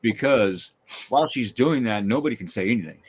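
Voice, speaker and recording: A man's voice: lowish voice, animated, a little fast, slightly rough. A man hosting a casual talk stream, opinionated and ranting, often restarting his sentences. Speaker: podcast host. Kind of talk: casual chat.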